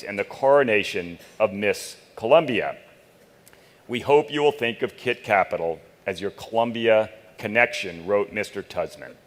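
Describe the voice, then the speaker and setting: A man giving a conference talk, reading out an anecdote in a dry, deadpan way, from a large conference hall. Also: mid-range voice. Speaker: conference speaker. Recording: echoey conference hall over PA.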